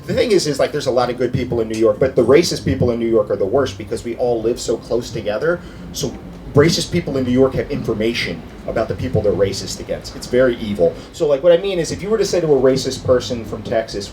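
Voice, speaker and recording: A man doing a stand-up comedy set on a club stage, animated and putting on voices for his bits. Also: mid-range voice, fast, a little hiss or hum. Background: faint crowd laughter.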